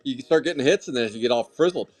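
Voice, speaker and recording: A man hosting a live trading card break, calling out pulls with loud, excitable, jokey hype. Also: mid-range voice, rapid-fire. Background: faint music.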